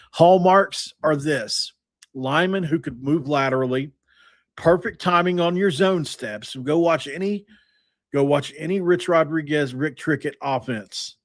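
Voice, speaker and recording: An energetic man hosts a casual sports talk show, piling up stats and tangents. His voice sits at a middle pitch. The sound is dry and close to the mic. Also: no echo. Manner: energetic, stat-heavy, rambling. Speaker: podcast host.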